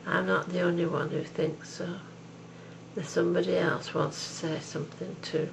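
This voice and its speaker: A woman's voice: on the low side, flat delivery, moderate pace, vocal fry, noisy background. An older woman speaking at home in a tender, devout personal message, calling the listener love and darling. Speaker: video message sender.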